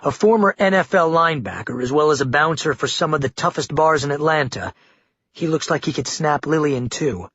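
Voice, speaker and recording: A husky, breathy male narrator reads a gritty audiobook in measured, dramatic tones. The recording is dull and lo-fi, dry with no room sound. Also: fairly high pitch, a bit bright, no echo.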